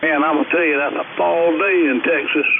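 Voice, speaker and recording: Friendly guy from south carolina on a tinny crackly radio, bit high. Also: fairly even intonation, fairly quick, vocal fry, a crowd in the background. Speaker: ham radio caller. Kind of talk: radio contact chat. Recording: tinny radio transmission with static.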